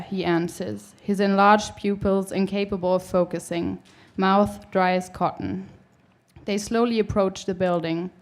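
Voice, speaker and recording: A woman's voice: on the low side, fairly even intonation, measured pace. A young woman reading her own short story aloud at a live event. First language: German. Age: young adult. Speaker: author and reader.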